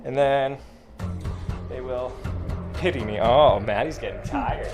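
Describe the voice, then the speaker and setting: A man's voice: mid-range voice, slow. A man hosting a casual livestream, joking and teasing himself while carving pumpkins a little tipsy. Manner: joking, self-mocking, playful. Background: music.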